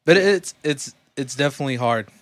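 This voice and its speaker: A man's voice: mid-range voice, animated, brisk, fairly bright tone, dry recording. A man, reacting and joking in casual chat.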